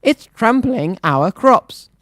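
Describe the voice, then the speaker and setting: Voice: medium pitch, big pitch swings, takes it slowly, fairly bright tone, dry recording, studio quality, voice pushed up. A storyteller on children's radio voicing a crowd of frightened farmers who pant and gasp. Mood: panicked. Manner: panting, gasping, breathless. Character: panicked crowd of farmers and townsfolk.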